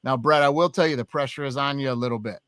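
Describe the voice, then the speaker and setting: A man hosting a sports podcast, talking through football picks in a casual, animated way. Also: mid-range voice, quick pace, clear, resonant tone, dry recording, clean studio sound. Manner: animated, swears when excited. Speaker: podcast host. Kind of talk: casual sports betting chat.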